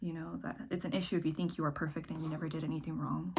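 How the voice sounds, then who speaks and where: A young woman chatting casually while doing her makeup in a get-ready-with-me vlog, rambling and self-mocking, swinging between bright remarks and muttered asides. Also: deep voice, flat delivery, very fast, vocal fry, very noisy. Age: young adult. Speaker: vlogger.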